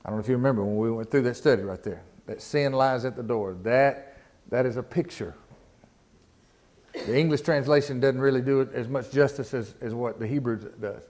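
A man's voice: medium pitch, a little fast, a little mellow. A man preaching a sermon in a folksy, casual way, often repeating words and asking the congregation questions. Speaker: pastor. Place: church.

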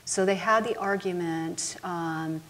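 Woman host, low pitch, flat even delivery, measured gentle questions. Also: slight background noise. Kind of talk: TV talk show interview.

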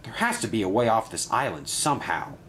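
A man's voice: lowish voice, wildly swooping pitch, brisk, a bit bright, a little hiss or hum. A man voicing an earnest, self-blaming young male steam engine. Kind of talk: storybook narration.

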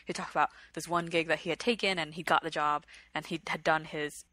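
A chatty woman co-hosting a podcast, retelling a story at length in a casual way. Her voice is bright and slightly low. The recording is dry and close. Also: steady tone, brisk, no room sound. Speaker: podcast co-host. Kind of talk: casual chat.

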